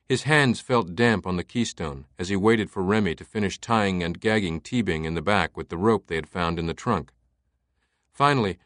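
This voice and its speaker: Deep-voiced male audiobook narrator. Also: fairly bright tone, no room sound, clean studio sound. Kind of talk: scripted narration.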